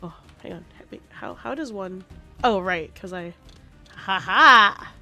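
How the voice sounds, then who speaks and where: A woman's voice: medium pitch, expressive, slow pace, bright, forceful tone, faint music behind. A woman streaming a game, chatting casually in a rambling, profane and passionate way. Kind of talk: casual gaming stream chat.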